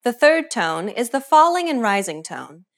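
Lively-voiced woman teaching a lesson. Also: fairly high pitch. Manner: clear, measured instructional delivery. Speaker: language teacher. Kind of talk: scripted lesson narration.

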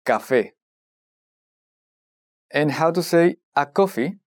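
A narrator running a scripted language lesson, prompting the listener and modelling each word slowly and deliberately. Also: mid-range voice, expressive.

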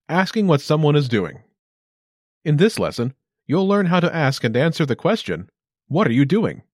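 A man hosting a short language lesson, reading scripted narration with a clear, upbeat instructional delivery. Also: on the high side, very animated, moderate pace, no room sound, studio quality.

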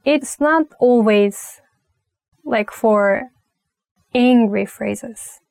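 A young woman with a Turkish accent teaching a language lesson, talking slowly and patiently, repeating phrases with many fillers. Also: on the high side, gravelly, a little mellow, dry recording, clean studio sound. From Turkey. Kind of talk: relaxed spoken language lesson.

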